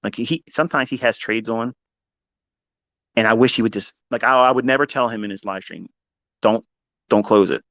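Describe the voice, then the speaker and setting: A man giving a blunt, profane trading lecture, hammering points with repetition and swinging between loud bursts and low asides. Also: fairly quick, no echo. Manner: blunt, heavy swearing, emphatic repetition. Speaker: trading educator.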